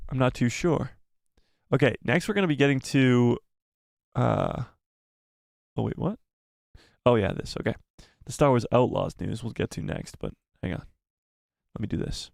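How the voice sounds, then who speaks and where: Gravelly-voiced man hosting a live stream. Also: medium pitch, moderate pace, pauses often, no room sound, studio quality. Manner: excitable, swears, reads chat aloud. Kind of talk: casual live stream chat.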